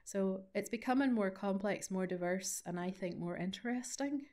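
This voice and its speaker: A woman with a Northern Irish Ballymena accent answers audience questions at a study day. She talks in a loose, chatty way, full of asides and little self-deprecating jokes, in a mid-pitched voice. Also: moderate pace, a little mellow. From Northern Ireland. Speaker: invited author speaking at a study day. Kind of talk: conversational Q&A answer.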